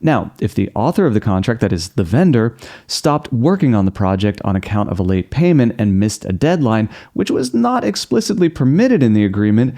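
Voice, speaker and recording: A man delivering a scripted explainer monologue in a mellow, dark voice at a middling pitch. He turns wry and sarcastic in short asides, with sudden jumps in pitch. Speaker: host.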